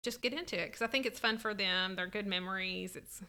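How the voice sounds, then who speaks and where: A woman's voice: mid-range voice, fairly quick, pushed and bright, smooth. A woman in casual chat as a podcast co-host, earnest, with a lot of "like" and "you know".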